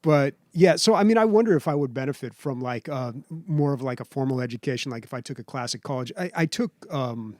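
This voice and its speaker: A man's voice: medium pitch, animated, brisk, hardly any pauses, darkish tone, no room sound, studio quality. A young man from San Diego, chatting on a podcast in a rambling, self-deprecating way, laughing often. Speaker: podcast host. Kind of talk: casual chat.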